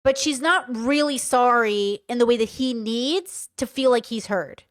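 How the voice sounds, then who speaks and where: A young woman reading messages aloud and weighing in with blunt, casual commentary. Her voice is smooth, clear and slightly high. The sound is dry and close. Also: unhurried, dry recording. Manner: reads messages aloud and comments frankly, swearing. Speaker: commentary streamer.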